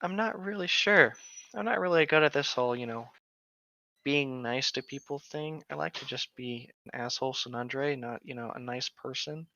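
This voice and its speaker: A man's voice: mid-range voice, normal speed, gravelly, bright, forceful tone, no echo, dull audio. A man reading story posts aloud and rambling jokingly on a casual podcast. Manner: rambling, joking, laughs a lot. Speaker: co-host reading stories.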